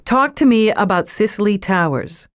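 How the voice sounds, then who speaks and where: A woman's voice: mid-range voice, lively intonation, moderate pace, dry recording, clean studio sound, natural voice. A woman reading curt, testy female cop. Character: blunt, guarded female police lieutenant. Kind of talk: audiobook character reading.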